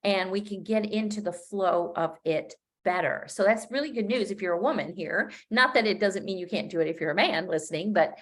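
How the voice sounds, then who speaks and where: Speaking a little fast with few pauses, this middle-aged business coach has a mid-range, fairly bright voice. Her live-streamed coaching talk is loose and unscripted, full of fillers and restarts, and she stays chatty and upbeat, laughing whenever she trips over her words.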